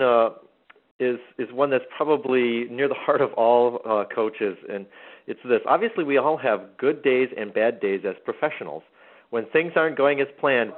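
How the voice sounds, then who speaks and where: A man's voice: medium pitch, expressive. Give me a man asking interview questions over a phone-like line. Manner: measured, with hesitant fillers. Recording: tinny phone-line sound.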